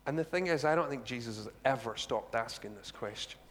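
A man preaching a sermon in a chatty, animated way, often turning to the congregation with quick asides. His voice sits at an ordinary middle pitch, and a long hall reverb trails behind every phrase. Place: church hall.

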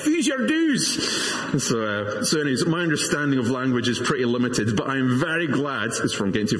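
Man, 40s, pastor, sermon, earnest and measured, self-deprecating asides, echoey church hall. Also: mid-range voice.

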